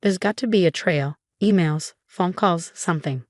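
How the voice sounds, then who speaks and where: A level-headed young woman talking her friend through a crisis in a calm, problem-solving way, as a female narrator puts her on. The voice sits slightly low and sounds close and dry. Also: moderate pace, no echo, lightly acted. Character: steady, practical young woman best friend.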